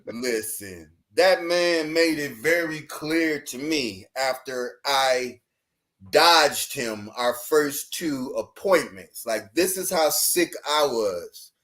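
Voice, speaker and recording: A man, a podcast guest, telling a personal story in an animated, lively way, often laughing. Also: medium pitch, slow. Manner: lively, laughing, acts out dialogue in his story.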